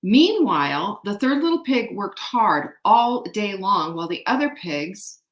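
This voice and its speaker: A woman's voice: medium pitch, measured pace. Chatty woman retelling a folk tale. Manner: animated, chatty, keeps asking the audience guess what. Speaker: show host. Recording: echoey room.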